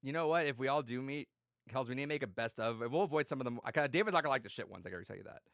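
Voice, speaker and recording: A man's voice: medium pitch, lively intonation, rapid-fire, gravelly, a bit bright, no echo, clean studio sound. A man hosting a casual podcast chat, rambling and swearing with lots of restarts.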